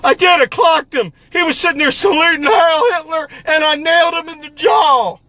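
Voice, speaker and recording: A man voicing a self-satisfied man who brags about a fistfight in a boastful, mocking way, breaking into shouts. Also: extremely high pitch, normal speed, no echo, pitched above the performer's own voice.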